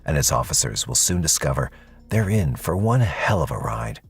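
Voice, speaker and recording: A man's voice: rumbling low, sing-song, moderate pace, slightly rough, faint music behind. A man giving dramatic, suspense-building scripted narration for a true crime documentary.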